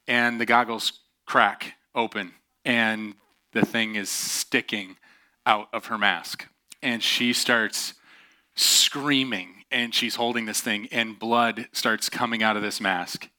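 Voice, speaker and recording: Male pastor, middle-aged, bright and forceful tone, animated self-mocking storyteller who laughs often. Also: on the low side, slow pace. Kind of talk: storytelling sermon.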